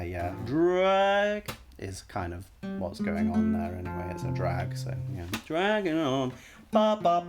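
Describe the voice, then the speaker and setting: A man analyzing a song on a live stream, casually singing short bits of melody to show the notes and often stopping to correct himself. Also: deep voice.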